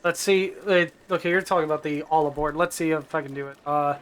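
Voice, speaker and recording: A man's voice: on the high side, steady tone, quick pace, fairly bright tone, clean tone. A man chatting casually while streaming a video game, rambling and correcting himself as he plays. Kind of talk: casual live-stream commentary.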